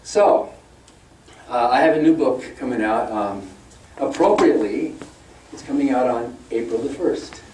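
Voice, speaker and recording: An older man gives a chatty guest lecture full of fillers and stories. His voice is mellow and low-key. He sounds distant from the mic, in a roomy, echoing hall. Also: unhurried, pauses often, slight background noise. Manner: conversational storytelling, with many fillers; mimics opponents in a raised, mocking voice. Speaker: guest speaker. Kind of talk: public lecture. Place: lecture room at a university event.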